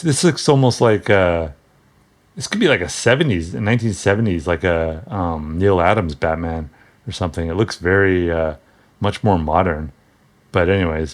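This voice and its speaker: A man casually talking through an old comic book, rambling and wry, with frequent restarts and asides. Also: deep voice.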